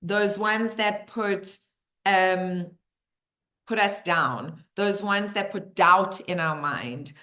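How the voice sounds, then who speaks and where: A woman hosting a community Q&A, talking to a live group in an animated, playful way. She keeps checking in with her listeners and turns soft and slow for reflective moments. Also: medium pitch. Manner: drops to a soft, slow, hushed voice for reflective passages. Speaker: community Q&A host, personal growth speaker.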